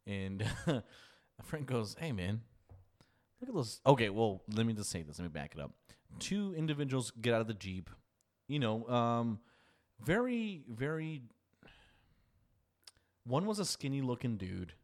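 A man's voice: medium pitch, big pitch swings, measured pace, long pauses. A man telling a story in casual chat, rambling and restarting, laughing often.

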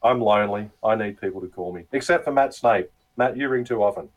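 A man's voice: lowish voice, fairly quick, rough recording. An Australian man casually telling crude, funny stories with plenty of laughter and swearing, often mimicking the people he talked to. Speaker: guest. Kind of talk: casual storytelling chat.

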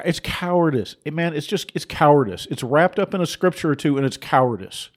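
A man's voice: fairly high pitch, animated, fast talker, hardly any pauses. Fiery middle-aged man preaching his views. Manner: forceful, preachy, laughing asides, mocking voices. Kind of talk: impassioned monologue.

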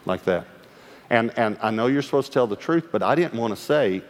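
A male pastor, telling a story from the pulpit with lively acted-out dialogue and sudden hushed asides. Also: mid-range voice, brisk. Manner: animated storyteller acting out dialogue; drops to a hush for quoted lines. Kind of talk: storytelling sermon. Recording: long hall reverb.

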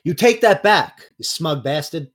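A man's voice: mid-range voice, close to an everyday voice. Man doing a touchy Boston contractor dad. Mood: offended. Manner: blunt, folksy, quick to bristle. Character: gruff middle-aged male contractor, touchy father.

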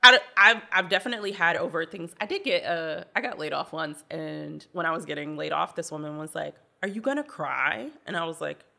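A low-pitched woman with a gravelly, bright edge to her voice, co-hosting a podcast. She talks in a blunt, casual way and acts out the people in her stories. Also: a little fast, few pauses. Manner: blunt, animated storyteller who acts out dialogue. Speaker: podcast co-host. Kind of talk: casual chat.

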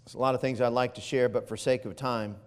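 A man's voice: medium pitch, fairly even intonation, fast talker, smooth, long reverb tail. A man preaching an Easter sermon as pastor, stretching key phrases and building to emphatic peaks. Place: church sanctuary.

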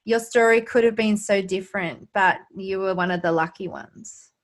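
A woman's voice: medium pitch, moderate pace. Effusive woman podcast host. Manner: emotional, effusive, many fillers. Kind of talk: casual interview chat.

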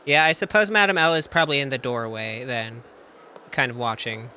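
A man's voice: medium pitch, steady tone, fairly quick, pushed and bright, a little hiss or hum. A man playing in a tabletop game who thinks aloud in a hesitant, hedging way. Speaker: player. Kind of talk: casual tabletop play.

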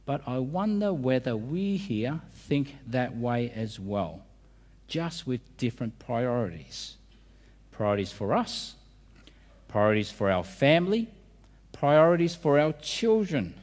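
Male pastor, sermon delivery, animated pitch, hall reverb. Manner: lively, emphatic preaching with rhetorical questions.

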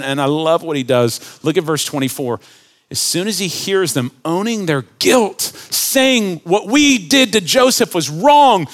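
A man preaching a sermon, animated and storytelling, acting out quick voices and dropping to quiet earnest tones. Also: high-pitched. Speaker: pastor.

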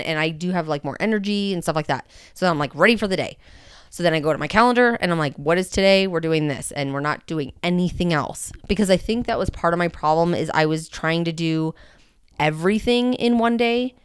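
Rambling woman podcaster, clear voice. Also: lowish voice, no room sound, clean studio sound. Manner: rambling and candid, many fillers. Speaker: podcast host. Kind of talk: casual personal podcast talk.

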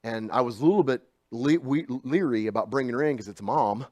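Male preacher, middle-aged, chatty storytelling sermon with big swings in loudness, dry recording. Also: mid-range voice, a little fast, no room sound. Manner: swings from hushed asides to loud emphatic bursts.

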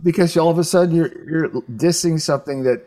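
An older man telling a story in casual chat, halting and rambling, with some swearing. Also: a little high, warm tone, no echo.

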